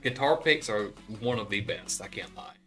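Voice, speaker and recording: A man chatting in a relaxed, easygoing way on a casual late-night stream. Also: mid-range voice, moderate pace, faint music behind.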